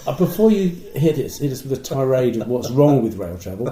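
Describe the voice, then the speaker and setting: Older london bloke rambling thru a story in casual podcast chat, dark mellow tone, bit of room echo. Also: male voice, medium pitch, very animated, fairly quick. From London, England. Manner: chatty storyteller with many restarts and dry asides. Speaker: podcast co-host. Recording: roomy echo.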